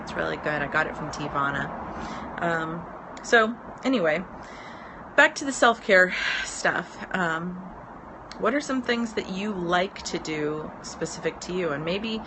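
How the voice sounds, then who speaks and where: A woman in her thirties, a business mentor, chatting casually on a live stream from her porch, rambling with lots of ums and easy laughs. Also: fairly low pitch. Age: 30s. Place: outdoor porch. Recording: outdoor porch with road noise. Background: road noise.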